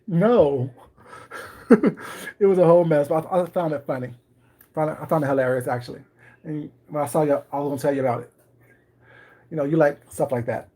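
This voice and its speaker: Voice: mid-range voice, brisk, pauses often, dark tone. A chatty livestream host talks casually to viewers from a home kitchen while something bakes. The delivery is wry and ironic, with viewers greeted by name along the way.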